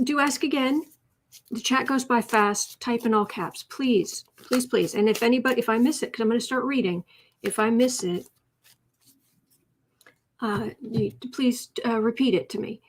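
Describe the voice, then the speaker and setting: A woman hosting a casual tarot livestream, chatting with viewers, reading their comments aloud and cooing softly to her cat. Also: fairly high pitch. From United States. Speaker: tarot reader and livestream host.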